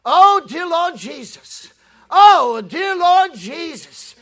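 A distraught, tearful older woman cries out in a strained, very high, shouting voice, as a male preacher puts her on in a sermon story. Her pleading is loud and desperate. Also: sing-song, slow, full character voice. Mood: fervent praying.

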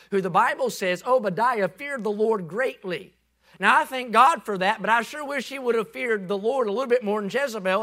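Male preacher, folksy and animated, high bright voice that breaks into shouts. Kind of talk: sermon.

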